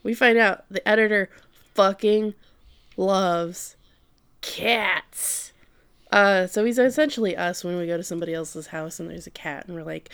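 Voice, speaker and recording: A woman's voice: medium pitch, a bit bright, smooth. A woman co-hosting a casual podcast, recapping an episode and swearing freely. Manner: swears freely, acts out characters in quick quoted voices. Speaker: podcast co-host recapping an anime. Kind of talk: casual chat.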